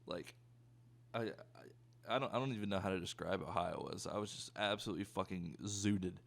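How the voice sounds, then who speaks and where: A man's voice: low-pitched, fairly quick, vocal fry. A young man telling a profane, rambling story in a casual storytime style. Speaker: YouTuber.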